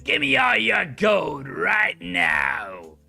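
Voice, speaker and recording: A man voicing a scraggly, menacing human bandit who shouts a gruff demand. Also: sits high, huge pitch swings, drawn-out words, faint music behind, pitched above the performer's own voice, full character voice.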